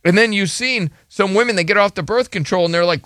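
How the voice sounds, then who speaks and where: A man's voice: high voice, fast, fairly bright tone, no room sound, studio quality. A man hosting a casual talk show, reading chat comments aloud and joking with his co-host.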